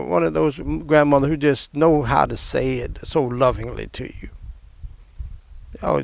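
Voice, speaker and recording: A middle-aged man from the American South, telling a personal family story in an emotional, animated way and laughing often. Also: on the high side, creaky, no echo.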